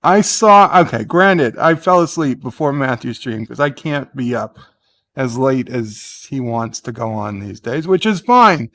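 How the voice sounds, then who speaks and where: A man's voice: medium pitch, lively intonation, measured pace, fairly bright tone, no room sound. A man hosting a casual live-stream chat, rambling through a point and reading viewer comments aloud. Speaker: host.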